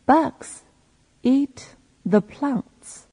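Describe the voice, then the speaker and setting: Slow husky woman repeating phrases. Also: high-pitched, dark tone. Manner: repeats each phrase slowly and clearly after a male reader. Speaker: reading teacher. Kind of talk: slow read-aloud for learners to repeat.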